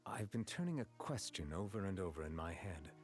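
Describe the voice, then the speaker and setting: A man voicing a stern, formal chief justice who is a dragon in human form, speaking in a measured, solemn way. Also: deep voice, very animated, faint music behind. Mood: reflective.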